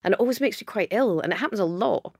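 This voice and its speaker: A woman's voice: mid-range voice, animated, quick pace, darkish tone, dry recording, clean studio sound. A middle-aged woman, a guest on a podcast, chatting casually and telling stories with plenty of giggles. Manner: giggly, storytelling. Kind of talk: casual chat.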